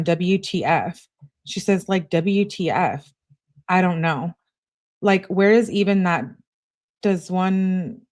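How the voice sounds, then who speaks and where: A woman's voice: on the low side, darkish tone. A woman hosting a true crime channel, reading text messages aloud in a casual, conversational way and adding her own comments.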